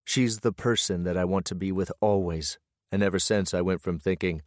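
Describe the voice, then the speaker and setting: Male romance narrator, deep voice, dry close studio sound. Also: normal speed, darkish tone, no echo. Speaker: audiobook narrator. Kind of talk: first-person romance audiobook narration.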